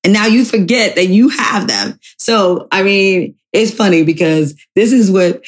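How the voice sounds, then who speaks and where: A woman's voice: medium pitch, measured pace. A woman in her forties co-hosting a podcast, chatting casually and teasing her spouse with frequent laughter. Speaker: podcast co-host. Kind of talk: casual chat.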